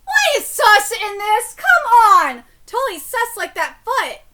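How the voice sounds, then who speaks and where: Excitable high-pitched woman streamer. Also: slow pace. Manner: loud excited outbursts with swearing. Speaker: streamer reacting to a manga. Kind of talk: live manga reading and reaction.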